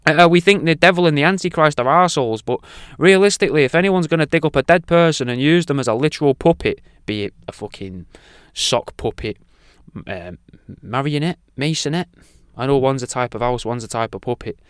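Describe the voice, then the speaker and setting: A man's voice: fairly high pitch, lively intonation, brisk, clean tone, no room sound, clean studio sound. A man hosting a radio show, rambling through an irreverent, sweary monologue.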